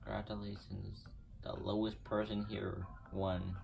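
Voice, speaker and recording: A man giving casual commentary over his own gameplay, excitable and prone to groaning and pleading at the game. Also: on the low side, unhurried, gravelly, recorded from a distance. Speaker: gaming YouTuber. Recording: voice a bit off-mic over loud game music. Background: video game music.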